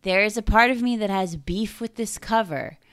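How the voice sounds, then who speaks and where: A woman co-hosting a casual comic book chat, playful and animated, tossing in silly sound effects and acted-out lines. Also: medium pitch, normal speed, smooth, no room sound, studio quality. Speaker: podcast co-host.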